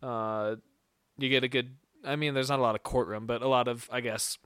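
A man's voice: medium pitch, steady tone, brisk, a bit bright, clean tone, no room sound, studio quality. A young adult man co-hosting a podcast, chatting casually about movies, rambling and hedging with fillers. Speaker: podcast co-host. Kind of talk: casual movie review chat.

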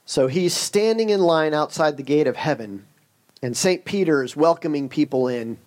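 A man delivers a sermon in a relaxed, conversational manner, his voice sitting a little higher than most men's. He works a funny story in, with joking asides throughout. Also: moderate pace. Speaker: preacher.

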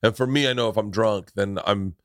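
Animated man telling stories, dry sound. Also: fairly quick, no room sound. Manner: animated, jumps into loud high voices when quoting. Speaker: podcast host. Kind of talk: casual storytelling chat.

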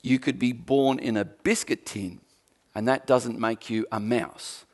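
A man preaching a sermon, emphatic with dry humour, swinging from forceful peaks to quiet, low passages. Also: fairly even intonation, unhurried. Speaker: pastor.

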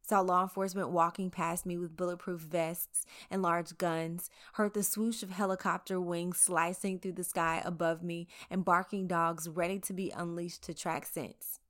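A woman's voice: fairly low pitch, flat delivery, normal speed, few pauses, fairly bright tone. A woman reporter from the American South narrating her own story in a candid, conversational way with wry asides. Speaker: local TV reporter. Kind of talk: scripted first-person narration.

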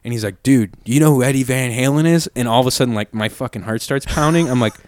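A man's voice: mid-range voice, fast talker. Rambling young man swearing casually. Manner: rambling, profane, heavy use of "like", acts out quotes. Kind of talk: casual storytelling chat.

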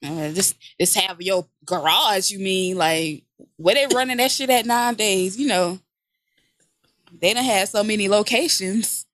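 A woman co-hosting a comedy gossip podcast in casual chat, loud and laughing often. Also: mid-range voice, measured pace, dry recording. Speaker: podcast co-host.

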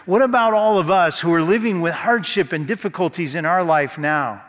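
Male pastor, sermon delivery, dramatic pauses; slightly high pitch, long hall reverb. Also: a bit bright. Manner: storytelling, slow dramatic pauses.

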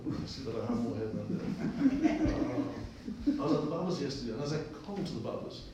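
A man's voice: medium pitch, wildly swooping pitch, brisk, over a noisy crowd. Man preaching in an echoey room. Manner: conversational preaching, repeats phrases for emphasis. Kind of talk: sermon with personal story. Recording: echoey distant room recording.

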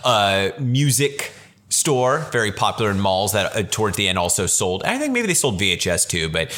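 A man hosting a podcast chats casually and enthusiastically about old films, rambling and correcting himself as he goes. His voice sits on the low side, with big pitch swings, a moderate pace and a bit of brightness.

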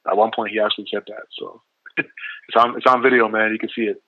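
A man's voice: lowish voice, steady tone, fairly quick, no room sound. A Canadian man with a Canadian accent, a rapper talking as a guest in a casual interview and rambling easily with lots of fillers. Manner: easygoing, rambling with many fillers. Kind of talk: casual interview over the phone. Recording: tinny dry phone line.

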